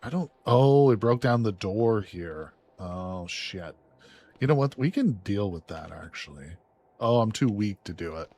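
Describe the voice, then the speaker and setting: A man streaming a survival game live, reacting excitedly with swearing and laughter as he plays. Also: on the low side, measured pace. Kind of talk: live gameplay commentary.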